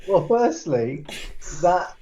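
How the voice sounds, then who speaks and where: A man's voice: high-pitched, very animated, very slow, lo-fi sound, heavy background noise. A young man in casual podcast chat, answering in a dry, blunt way.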